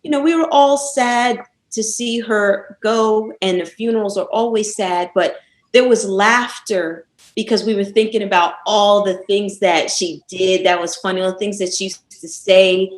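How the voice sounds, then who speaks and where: A woman guest on a casual podcast interview, telling stories lively and laughing often. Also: medium pitch, normal speed, roomy sound, poor audio.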